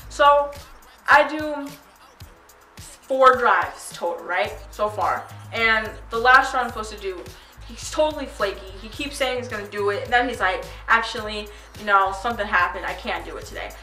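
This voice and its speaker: Bright-voiced teenage girl in an echoey room. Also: a little high, moderate pace. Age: teens. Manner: chatty, animated retelling with quoted voices. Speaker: vlogger. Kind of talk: casual storytelling vlog. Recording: echoey room, mic at a distance, faint music.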